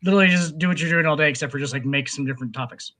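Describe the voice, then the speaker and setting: Male co-host, high voice, profane rambling sports-chat storyteller. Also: very fast, pushed and bright. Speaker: podcast co-host. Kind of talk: casual sports talk.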